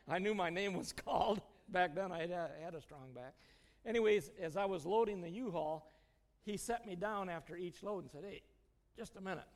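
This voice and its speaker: A man's voice: a little high, in a large hall. A middle-aged man giving an informal sermon, telling personal stories in a folksy way and chuckling often. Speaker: church speaker.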